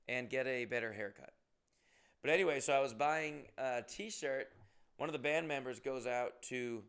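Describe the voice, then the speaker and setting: A comedian from Massachusetts telling a rambling, profane story in a casual way and acting out what people said. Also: male voice, medium pitch, gravelly, a bit bright, clear, resonant tone. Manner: rambling, profane, acts out quotes. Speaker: comedian and podcast host.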